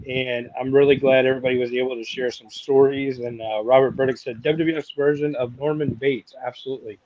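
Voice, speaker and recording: A man's voice: medium pitch, flat delivery, brisk, darkish tone, no echo. Man, 40s, wrestling podcast co-host, rambling, muffled dry mic. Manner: rambling, lots of "you know" fillers. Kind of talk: casual wrestling chat.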